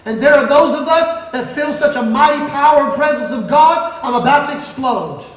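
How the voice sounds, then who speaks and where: A man with a very high voice preaches in a church. He swings between shouting and hushed asides. The sound is heavily echoey, from a mic set back from him. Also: lively intonation, moderate pace. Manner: shouting and dropping to near whispers, playful asides. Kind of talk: sermon. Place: church sanctuary. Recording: very echoey room, mic at a distance.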